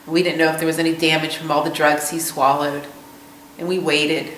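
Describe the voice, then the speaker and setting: A woman's voice: low voice, little pitch movement, fairly bright tone, a little hiss or hum. Somber middle-aged woman, roomy and distant. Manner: somber, halting personal storytelling. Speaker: mother of a veteran, interviewee. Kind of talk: documentary interview testimony.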